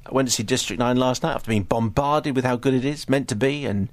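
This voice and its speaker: A man presenting a live radio show, reading listener messages and news updates in a brisk, wry manner. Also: mid-range voice. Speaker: radio host.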